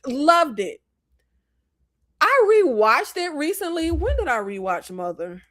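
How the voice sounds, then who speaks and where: A woman raised in the American South hosts a relaxed movie livestream, with a bright, high-set voice. She rambles through her opinions, laughs often, and keeps breaking off to apologize. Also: slow pace. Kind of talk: casual livestream chat.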